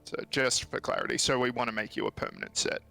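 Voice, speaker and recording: A man playing a tabletop game, talking casually and calmly clarifying details. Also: medium pitch, quick pace, gravelly, soft background music. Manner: easygoing, clarifying, calm. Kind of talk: casual play chat.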